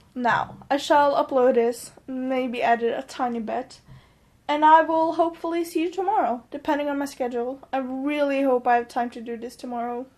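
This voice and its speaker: A woman's voice: sits high, steady tone, normal speed, a little mellow. A young woman from Norway, speaking English as a second language with an accent that mixes American and British, rambling and joking at herself while tipsy late at night. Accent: Norwegian-tinged mix of American and British English. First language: Norwegian. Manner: rambling and self-mocking, trailing off and restarting. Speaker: vlogger.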